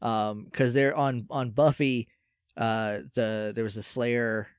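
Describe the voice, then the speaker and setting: A young man chatting casually about movies, rambling with fillers and quick laughs. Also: mid-range voice, fairly even intonation, clear, resonant tone, no echo, clean studio sound. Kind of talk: casual chat.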